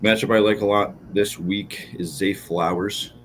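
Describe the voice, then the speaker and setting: A man co-hosting a casual fantasy football show, relaxed and joking, with plenty of fillers. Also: on the low side, measured pace, slight background noise, low-quality recording. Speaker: podcast co-host. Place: podcast studio.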